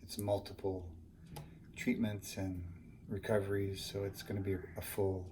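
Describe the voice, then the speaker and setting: Deep flat-voiced man, halting. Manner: halting, many fillers, matter-of-fact. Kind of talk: casual explanation. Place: home, indoors. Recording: noisy home recording.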